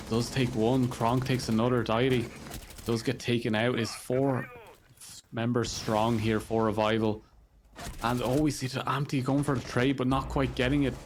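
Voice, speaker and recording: An Irish man casting an online esports match, calling the action play by play in a brisk, dry, joking way. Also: medium pitch, a little hiss or hum. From Ireland. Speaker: esports caster. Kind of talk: play-by-play commentary.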